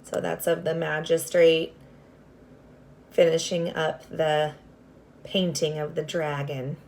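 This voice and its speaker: A woman reading a children's novel aloud, expressive, with casual asides to her listeners. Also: sits low, takes it slowly, creaky, slight background noise. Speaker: reader.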